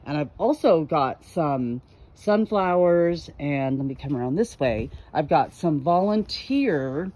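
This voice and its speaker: A woman's voice: low voice, expressive, slow, dark tone. Chatty woman in her garden. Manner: chatty, folksy, rambling with fillers. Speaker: garden vlogger. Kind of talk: casual garden vlog chat. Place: outdoors in a backyard garden.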